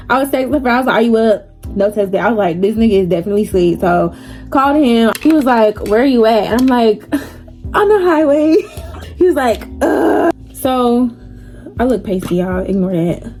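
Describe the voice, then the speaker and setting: A woman's voice: mid-range voice, a little mellow. A young woman telling a story casually while doing her makeup, chatty and slangy, laughing often. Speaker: vlogger.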